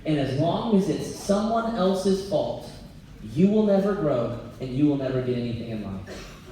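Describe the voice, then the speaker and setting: A man coaching business owners from a stage, blunt and energetic, laughing at his own jokes. His voice sits high for a man and lands from a distance, swimming in heavy hall echo over a faint room hum. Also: normal speed. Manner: blunt, energetic, jokey, often laughing mid-sentence. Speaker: business coach giving a motivational talk. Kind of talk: live motivational keynote. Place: event venue before an audience. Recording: very echoey hall, voice picked up from far off.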